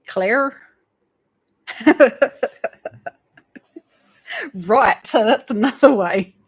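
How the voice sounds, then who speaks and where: A woman's voice: mid-range voice, moderate pace. A woman with an Australian accent tinged with English, chatting casually on a live stream and reading viewer comments aloud. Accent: Australian with an English influence. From England. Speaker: crochet channel host.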